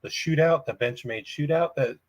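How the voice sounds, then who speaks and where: A man hosting a casual livestream chat, talking in halting bursts with many restarts. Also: fairly high pitch, no echo. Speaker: livestream host.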